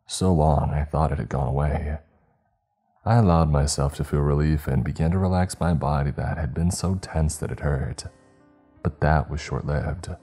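A man narrating a horror story in slow, grave, scripted style. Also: very deep voice, warm tone, slightly rough, faint music behind.

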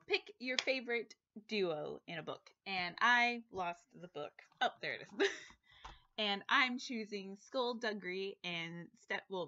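A woman vlogging about books in a casual chat to camera, animated and quick, swearing and exaggerating. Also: medium pitch, dull audio. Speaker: book vlogger.

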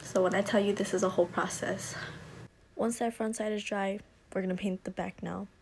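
A young woman in a loose, casual voice-over, swearing freely as she talks through a craft project. Her voice sits at an ordinary middle pitch, and she is a bit breathless from leaning into the mic. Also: steady tone, fairly quick, vocal fry, darkish tone, a little hiss or hum. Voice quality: loose, profane and chatty. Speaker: vlogger. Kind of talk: casual DIY tutorial voice-over.

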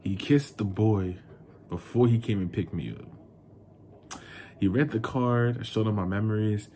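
A man's voice: lowish voice, measured pace, dark tone, slight background noise. A young man from New York telling a breakup story in an emotional, indignant rant straight to the viewer. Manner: heated, indignant, talks straight to the listener. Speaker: vlogger.

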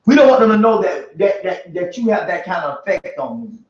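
A man's voice: high voice, lively intonation, fairly quick, darkish tone. A man preaching at a Bible study in a colloquial, emphatic style, often laughing as he makes his points. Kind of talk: sermon. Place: church room. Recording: echoey distant lo-fi church recording.

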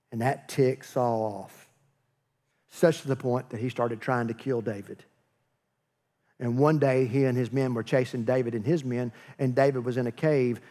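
A man's voice: medium pitch, darkish tone. A man preaching a sermon as pastor, telling a story with acted-out dialogue and joking asides.

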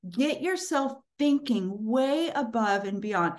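A middle-aged woman giving a casual Christian teaching, telling stories in a lively, conversational way and laughing often. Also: on the high side, slow pace. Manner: animated storytelling, frequent laughter; conversational, with fillers like "you know" and "like".

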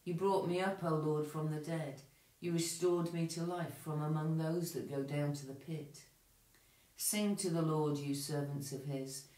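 A man leads morning prayer in a church, reading psalms and scripture in a measured, steady manner with small self-corrections. His voice is slightly high for a man, and the room echoes around him.

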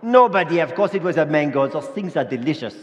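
A man's voice: a little high, lively intonation, fast, highs cut off. A man playing a boastful, jokey male angel messenger in a Christmas Eve church skit, showing off and playing to the congregation. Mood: playful boastful. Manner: showy, jokey, playing to the crowd. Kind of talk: comic stage monologue. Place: church sanctuary before a congregation. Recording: echoey church hall.

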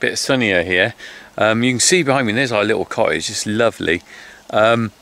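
A man's voice: on the low side, moderate pace, vocal fry, bright, forceful tone. A man vlogging about farming, talking in a chatty, rambling way with lots of fillers, recorded outdoors by a cottage. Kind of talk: casual chat.

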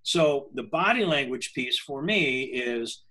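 A man's voice: medium pitch, animated, slow pace, pushed and bright, low-quality recording. An older man, a language coach, telling a personal story in an interview, earnest and often breaking off and restarting his sentences.

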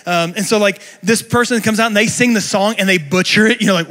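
Male pastor, young adult, sermon, high-pitched, conversational and lively. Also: fast, few pauses. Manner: animated, conversational preaching with fillers.

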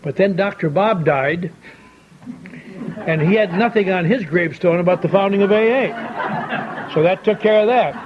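At a recovery convention in a large hall, an older man tells a wry, folksy story, acting out the dialogue he quotes. His voice is high, his pace moderate with long pauses, and crowd noise sits under a dull lo-fi tape with faint hiss.

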